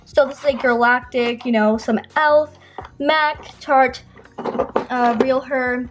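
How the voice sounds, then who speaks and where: A woman's voice: high voice, fairly even intonation, takes it slowly, background noise. A teenage girl giving a casual, rambling tour of her makeup collection, her throat tired and strained from talking. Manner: chatty, rambling, with many ums and self-corrections. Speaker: beauty vlogger.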